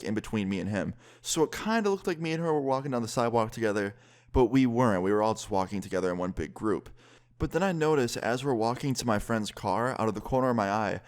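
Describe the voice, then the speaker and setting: A young man casually telling a personal story as a vlogger, lively and quick, with some swearing. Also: fairly low pitch. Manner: lively, fast-paced retelling with swearing.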